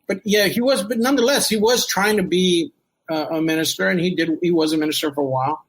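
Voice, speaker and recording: Husky middle-aged man, slightly high voice, candid rambling personal storyteller. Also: fast talker, fairly bright tone, low-quality recording. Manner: candid, rambling, emotional, with laughs and profanity. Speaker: storyteller guest.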